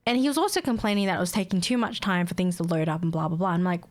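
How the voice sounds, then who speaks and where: A young woman streamer chatting casually and telling a story, blunt and sweary, quick to mimic the people she talks about. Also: fairly low pitch. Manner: mimics callers and herself in quoted bits. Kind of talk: casual chat, venting a story.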